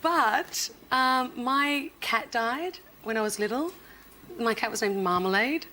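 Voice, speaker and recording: Australian woman, talk show guest, bright tone, slightly high, lively storyteller. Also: takes it slowly, slight background noise, rough recording. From Perth, Australia. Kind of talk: casual chat on a talk show.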